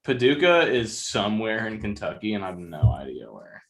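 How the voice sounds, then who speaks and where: Laid-back young man, low-pitched. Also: big pitch swings, brisk, creaky. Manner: laid-back, rambling, many fillers, laughs often. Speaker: musician guest. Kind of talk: casual chat.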